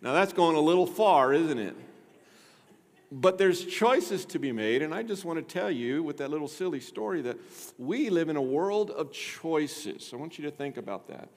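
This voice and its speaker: Brief: male pastor, lively sermon with playful asides, long church reverb. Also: a little high, moderate pace. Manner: lively, with joking asides to the congregation.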